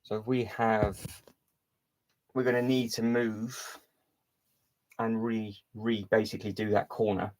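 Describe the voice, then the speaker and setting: A low-voiced man talks casually to his livestream audience as he works, thinking aloud and rambling through restarts and fillers. He drifts away from the desk mic now and then. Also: little pitch movement, slow, long pauses, darkish tone, low-quality recording. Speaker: livestream host. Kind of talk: casual live-stream chat while building.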